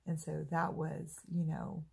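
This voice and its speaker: Gravelly low-voiced woman chatting slowly. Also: little pitch movement, warm tone. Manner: chatty, upbeat, self-deprecating. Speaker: vlogger. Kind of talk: casual diary vlog.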